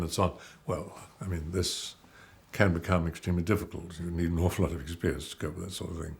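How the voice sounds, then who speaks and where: An older male actor being interviewed, telling measured, rambling anecdotes about his career. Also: low-pitched, steady tone, creaky, darkish tone. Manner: measured, anecdotal storytelling with digressions. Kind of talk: reminiscing interview.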